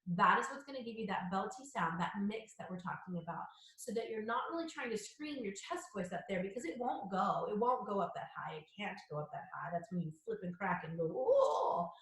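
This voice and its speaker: A woman's voice: medium pitch, animated, brisk, few pauses, fairly bright tone. A woman voice teacher explaining singing technique in a chatty, explanatory way, with fillers and restarts. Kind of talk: spoken singing lesson with demonstrations. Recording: very echoey room with music.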